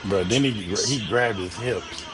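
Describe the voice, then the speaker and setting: A man co-hosting a sports podcast, talking in a loose, slangy, excitable way and laughing often. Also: fairly low pitch, measured pace, over loud music. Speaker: podcast co-host. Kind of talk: casual sports chat.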